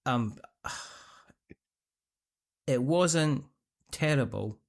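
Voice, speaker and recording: A middle-aged Scottish man hosting a podcast in a relaxed, chatty voice. His pitch sits in an ordinary middle range for a man. He tells long, rambling stories that keep circling back and restarting. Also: very slow, vocal fry. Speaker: podcast host. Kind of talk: casual chat.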